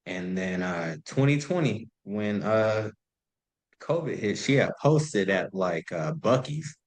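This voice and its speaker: Low-voiced man telling a casual story. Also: very animated, slow pace, poor audio. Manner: loose and profane, heavy use of "like". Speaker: podcast guest.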